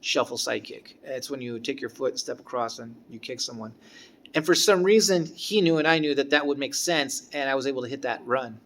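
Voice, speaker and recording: A man telling a casual personal story about a former guitar teacher, halting and restarting as he goes. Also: mid-range voice, fairly bright tone. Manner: rambling, halting, with frequent restarts.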